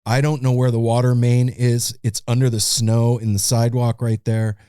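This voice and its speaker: A man's voice: medium pitch, level tone, normal speed, warm tone, smooth, no room sound, clean studio sound. A man co-hosting a podcast, animatedly retelling a story in casual chat and swearing freely. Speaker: podcast co-host. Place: home podcast studio.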